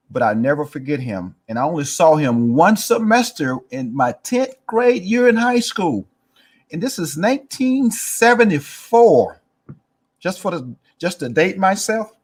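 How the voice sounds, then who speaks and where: Animated storytelling man in his sixties. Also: fairly high pitch. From East Texas. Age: 60s. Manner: animated storyteller acting out quoted voices. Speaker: guest. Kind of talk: storytelling interview.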